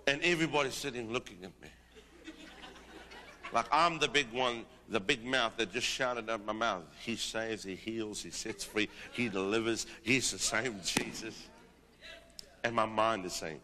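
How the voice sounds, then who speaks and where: A middle-aged man preaching, telling a testimony with animated delivery and rising into declamatory prophecy. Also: on the low side, a little slow, a little hiss or hum. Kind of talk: sermon with testimony and prophetic exhortation. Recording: long reverb of a large hall.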